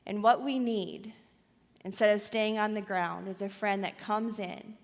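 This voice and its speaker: A woman pastor preaching a sermon in a church auditorium, telling a story dramatically with loud and hushed swings. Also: mid-range voice, fairly even intonation, a little slow, long reverb tail.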